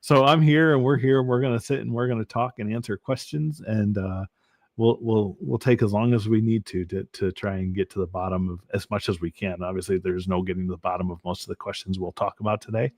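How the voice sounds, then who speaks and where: A man's voice: on the low side, steady tone, brisk, a little mellow, no echo. A man from Michigan, a podcast guest, giving an earnest personal faith testimony with many ums and restarts.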